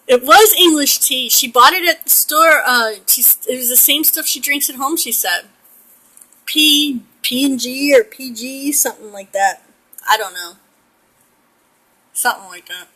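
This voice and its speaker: A middle-aged American woman paints a pet portrait while chatting in a rambling way, laughing often. Her voice is high and sharp in tone, she speaks unhurriedly, and the audio is poor.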